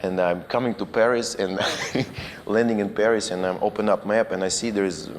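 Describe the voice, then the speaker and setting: A man with a Russian accent recounts stories in a relaxed, meandering way, his English loose and full of restarts and small chuckles. His voice sits a little low. The recording has a lingering room reverb and a faint hum underneath. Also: normal speed. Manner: loose non-native grammar with frequent restarts and chuckles. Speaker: guest cinematographer. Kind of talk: casual anecdotal storytelling.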